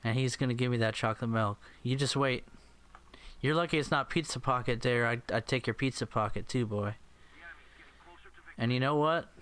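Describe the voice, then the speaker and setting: A man's voice: mid-range voice, moderate pace, pauses often, fairly bright tone, clean tone. A man giving silly, rambling commentary while playing an air combat game, often slipping into mock voices. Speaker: gameplay commentator. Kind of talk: goofy gameplay commentary.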